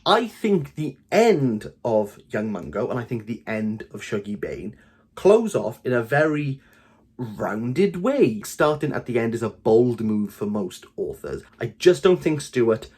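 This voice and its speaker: A man with a Welsh accent giving an opinionated book review in a vlog, talking in animated, exasperated bursts. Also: medium pitch, unhurried, slightly rough. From Wales.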